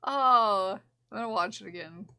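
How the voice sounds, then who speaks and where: A woman's voice: medium pitch, normal speed, sharp tone, dry recording, clean studio sound. A young woman streaming from home, talking to her chat in a giggly, gushing way on a desk mic. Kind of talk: casual live-stream chat.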